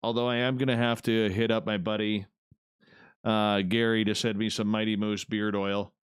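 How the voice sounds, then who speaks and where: Smooth-voiced man chatting casually. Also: on the low side, level tone, moderate pace, no echo, studio quality. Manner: loose, rambling, talks to himself while working. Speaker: online radio show host. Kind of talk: casual chat reading live viewer comments.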